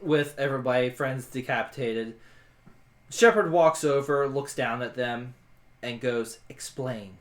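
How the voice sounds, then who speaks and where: A man's voice: mid-range voice, unhurried. A man narrating and acting out his character's actions in a tabletop role-playing game. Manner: storytelling, voices his character's lines. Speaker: tabletop player. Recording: echoey room.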